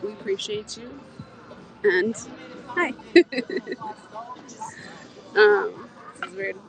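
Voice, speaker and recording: A woman's voice: medium pitch, very slow, gravelly, a faint crowd, rough recording. A woman chatting to viewers on a casual live stream while walking a city street at night, rambling and laughing easily, with the phone held close to her face. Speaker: livestreamer.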